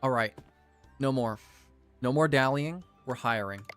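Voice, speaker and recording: A man's voice: mid-range voice, a little slow, fairly bright tone, soft background music. A young man giving casual, jokey let's-play commentary, self-deprecating with theatrical outbursts, as a gaming video creator.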